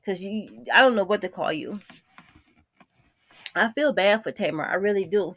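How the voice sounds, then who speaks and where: A woman's voice: mid-range voice, a bit bright, no echo, clean studio sound. Blunt woman ranting about celebrity gossip. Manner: blunt, exasperated, talks straight to the viewer. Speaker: vlogger.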